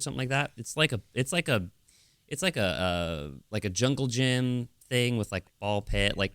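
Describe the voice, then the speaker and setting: A man's voice: on the low side, a bit bright, clear, resonant tone, no room sound. A young adult man co-hosting a podcast, telling stories in casual chat and acting out what people said. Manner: storytelling with laughs and acted-out quotes. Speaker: podcast co-host.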